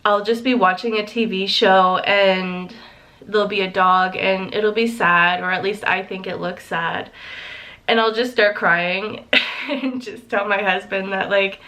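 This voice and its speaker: Young woman, casual vlog chat, unhurried delivery, laughs a lot, filler-heavy. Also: mid-range voice, steady tone, sharp tone. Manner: giggly, chatty, lots of fillers. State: a little emotional. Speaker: vlogger.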